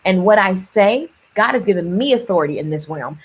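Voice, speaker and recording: A woman's voice: mid-range voice, animated, fairly quick, hardly any pauses, slightly rough. A woman giving a playful, ranting motivational faith talk to her viewers and calling them baby and honey. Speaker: faith-based lifestyle vlogger.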